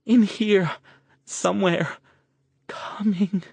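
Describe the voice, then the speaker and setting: A woman's voice: mid-range voice, steady tone, slow pace, gravelly, darkish tone, slightly rough, no echo, voice pushed up, full character voice. A male narrator voicing a delusional, frightened young woman who talks in a sing-song way.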